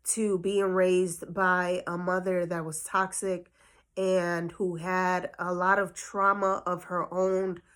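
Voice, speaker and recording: A woman's voice: medium pitch, a bit bright. Woman, casual vlog storytelling, slightly breathless, filler-heavy chat, leisurely pace. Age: adult. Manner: chatty, many fillers and "like". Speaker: vlogger.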